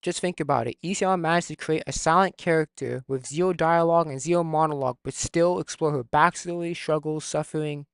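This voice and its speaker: A man's voice: fairly high pitch, a little fast, vocal fry, few pauses, clear, resonant tone, no echo, clean studio sound. A man in casual, opinionated chat, arguing his points heatedly and reading them off his notes one by one. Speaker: video talk participant.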